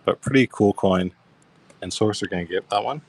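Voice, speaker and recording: A man's voice: fairly low pitch, a little fast, slight background noise. A young man casually hosting a live coin auction stream, describing each piece and thanking bidders by name.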